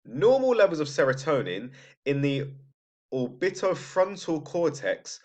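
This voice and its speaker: A man's voice: fairly high pitch, big pitch swings, a little slow, darkish tone. A man teaching a recorded psychology lesson in a casual, conversational way, checking in with "right?" and restarting his sentences. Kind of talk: recorded lecture. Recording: slightly dull lo-fi audio.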